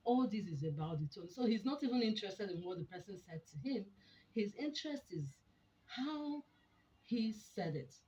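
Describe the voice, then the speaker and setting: A woman's voice: mid-range voice, expressive, normal speed, mellow. A woman giving a motivational talk on communication in marriage, emphatic and teacherly, asking her listeners rhetorical questions. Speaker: relationship speaker. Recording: dull lo-fi sound with faint noise.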